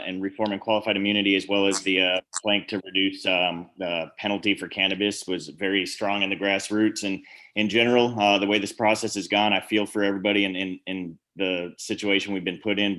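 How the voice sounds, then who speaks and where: A man testifying to a committee over a video call, hurried and hesitant with many fillers. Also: low-pitched, pushed and bright. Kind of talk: public testimony.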